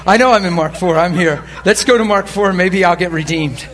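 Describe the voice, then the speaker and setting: A man preaching a storytelling sermon from the pulpit. His voice sits high and bright. He talks with animated swings, dropping low and hushed, then rising into laughter and shouts. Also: fairly quick. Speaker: pastor. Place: church sanctuary pulpit.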